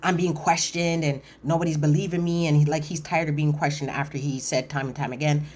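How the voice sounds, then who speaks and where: A woman casually recapping a reality TV episode, chatty and animated, acting out cast members' lines and correcting herself as she goes. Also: sits low, fairly quick. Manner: animated, quotes cast members in voiced asides; chatty, frequent fillers and self-corrections.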